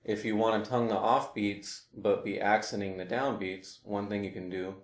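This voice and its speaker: A man teaching clarinet in a casual, relaxed way, talking through his points with frequent fillers. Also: on the low side, normal speed. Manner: relaxed, explains with fillers and demonstrations. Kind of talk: casual instructional talk. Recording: roomy echo.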